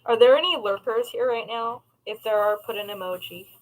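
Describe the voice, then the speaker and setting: A woman's voice: fairly high pitch, brisk, rough recording. A young woman hosting a crafting livestream from home, rambling in casual chat, swearing freely and laughing at herself.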